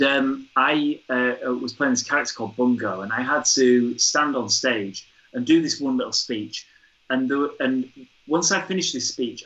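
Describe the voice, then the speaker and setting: A man, a theatre director, chatting as a guest and telling a lively anecdote. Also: mid-range voice. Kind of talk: casual chat, storytelling. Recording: dull lo-fi recording.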